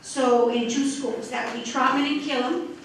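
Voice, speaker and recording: Woman presenter, measured, somewhat high voice, distant in a very echoey room. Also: steady tone, slight background noise. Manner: deliberate, with some halting restarts. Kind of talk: meeting remarks. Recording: very echoey room audio from far off.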